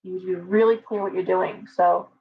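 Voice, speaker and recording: A woman's voice: on the low side, fairly even intonation, brisk. A woman hosting a casual tarot livestream, talking animatedly with restarts and asides to her viewers. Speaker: tarot reader and livestream host. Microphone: webcam with ring light. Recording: slightly dull lo-fi stream audio.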